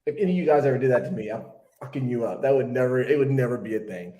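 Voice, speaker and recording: A man on a casual podcast, reading aloud and reacting with loud exclamations. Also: mid-range voice, expressive, rapid-fire. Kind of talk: casual profane banter.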